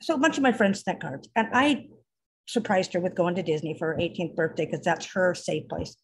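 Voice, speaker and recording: A woman's voice: on the low side, a little fast, a little hiss or hum. Woman telling a heartfelt story. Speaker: mother of a teenage daughter. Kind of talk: casual chat.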